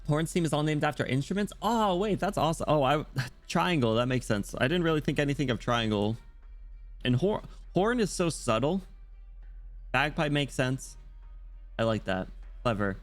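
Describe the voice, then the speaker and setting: A young British man chatting casually on a live stream, rambling and playful, often clearing his throat. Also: a little high, animated, normal speed, no room sound, faint music behind. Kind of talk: casual live-stream chat while reading game dialogue.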